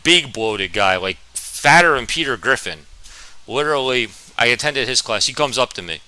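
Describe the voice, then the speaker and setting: A man's voice: medium pitch, animated, pushed and bright, no echo, rough recording. Stammering young man from New Jersey. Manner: stammering, halting, self-deprecating. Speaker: vlogger. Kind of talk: storytime vlog.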